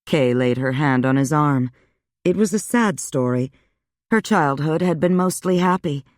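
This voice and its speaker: A man's voice: a little high, no room sound. Man narrating a romance audiobook, dry. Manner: even, measured storytelling. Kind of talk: scripted narration.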